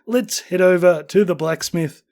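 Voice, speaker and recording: A man's voice: high voice, unhurried, darkish tone. A man hosting a casual game-building tour, tired and losing his voice, chatty and upbeat. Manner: chatty, upbeat, self-deprecating. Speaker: game building channel host. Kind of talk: casual gameplay tour commentary.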